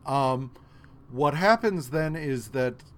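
A man's voice: mid-range voice, animated, slow. A man co-hosting a podcast, casually retelling a story in a rambling, profane way with many fillers. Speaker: podcast co-host. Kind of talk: casual comic recap chat.

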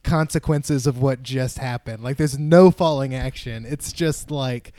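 Smooth-voiced man rambling in chat. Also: medium pitch, unhurried, warm tone, no echo. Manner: rambling, many fillers of 'like'. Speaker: podcast co-host. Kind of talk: casual chat.

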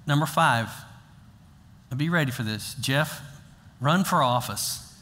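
A man's voice: mid-range voice, unhurried, bright, forceful tone, big-room sound. An older man preaching a sermon as pastor, talking to the congregation in a conversational way that rises into emphatic exhortation.

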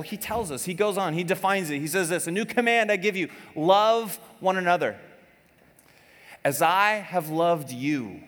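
Pastor, man, 30s, lively joking sermon delivery in a church hall with long reverb. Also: high-pitched. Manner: animated, joking, acts out quotes.

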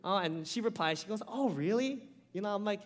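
A man delivers a sermon with animated, storytelling energy and keeps tossing "right?" to his listeners. His voice sits a bit high for a man. It rings out in a hall with a long reverb. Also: quick pace. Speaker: pastor.

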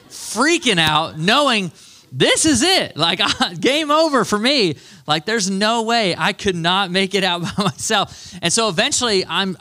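A male pastor preaching in a lively storytelling way, poking fun at himself as he goes. His voice sits a little high and sounds bright and forceful. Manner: animated, self-deprecating storyteller. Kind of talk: storytelling sermon.

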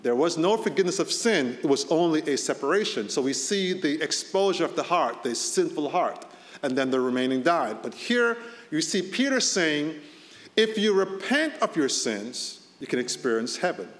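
A man's voice: fairly high pitch, expressive, normal speed. Man preaching in a reverberant church hall. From Boston area. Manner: conversational preaching with rising emphasis. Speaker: pastor. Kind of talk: sermon.

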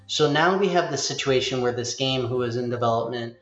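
A brisk, medium-pitched man hosts an easygoing conversation, drifting along with lively energy and voicing quotes as he delivers them. The audio sounds roomy and a bit muffled, and faint music can be heard.

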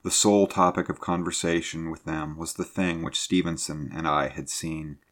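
A man reading a sea adventure story aloud in a measured, low-key narrating manner. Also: steady tone, fairly bright tone.

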